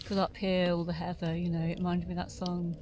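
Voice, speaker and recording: A woman's voice: on the low side, monotone, fast talker, dark tone, slight background noise. A woman vlogging from inside a small tent in winter, chatting aloud to the camera and musing as she goes. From South East London. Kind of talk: casual solo camping vlog.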